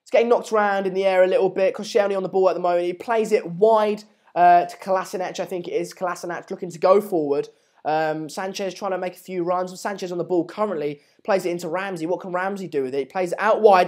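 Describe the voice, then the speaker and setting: A man's voice: sits high, a little fast. A young man hosts a live stream, talking loosely with lots of ums and restarts. He answers viewers as he goes and gets worked up when the play picks up. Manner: chatty, reads out and answers viewer messages, many fillers and restarts; excitable bursts during match updates. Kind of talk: casual live watchalong commentary and chat.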